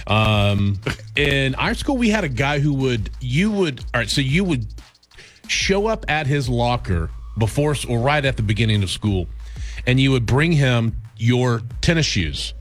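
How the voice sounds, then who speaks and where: A man's voice: mid-range voice, very animated, measured pace, soft background music. A man co-hosting a radio show, telling stories in casual banter with lots of ums and uhs. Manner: rambling storyteller with many fillers.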